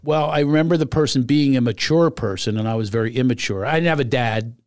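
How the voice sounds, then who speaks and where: A man's voice: mid-range voice, fast talker, clear, resonant tone, no echo, studio quality. A man from Philadelphia in casual chat, telling stories animatedly and acting out the people in them. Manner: animated storyteller who acts out the people in his anecdotes.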